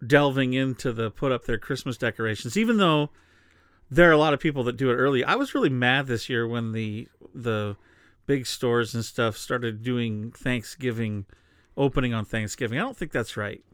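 A man's voice: medium pitch, moderate pace, clean tone, no room sound. Man, podcast co-host, slight lisp, careful enunciation, dry close mic. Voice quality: slight lisp from new dentures. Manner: relaxed, chatty, enunciating carefully. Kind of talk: casual chat.

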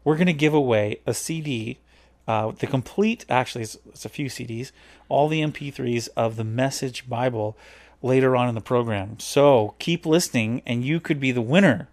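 A man's voice: medium pitch, moderate pace, darkish tone, no echo. A man co-hosting a podcast in casual chat, chatty and rambling, teasing his co-host.

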